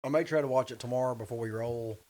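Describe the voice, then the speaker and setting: A man's voice: medium pitch, fast, a little mellow. A man co-hosting a podcast in easygoing, teasing casual chat. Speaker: podcast co-host.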